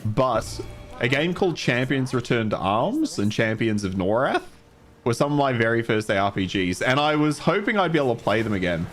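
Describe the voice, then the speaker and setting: A man's voice: mid-range voice, sing-song, moderate pace, a bit bright, soft background music. A man streaming a game casually, chatting with viewers and swearing now and then. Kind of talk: casual gameplay livestream.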